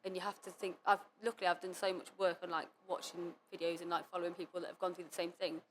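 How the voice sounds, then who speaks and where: A young adult woman speaking as a podcast guest, telling her story candidly in quick run-on sentences full of "like". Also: fairly low pitch, little pitch movement, a little hiss or hum. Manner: fast, run-on speech full of "like" and quoted self-talk. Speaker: podcast guest, competitive cheerleader. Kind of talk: candid interview talk.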